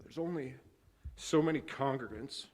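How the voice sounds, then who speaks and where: A man speaking as pastor at a memorial service, telling stories of a friend with light laughter, then leading a hushed prayer. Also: mid-range voice, normal speed. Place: funeral service hall.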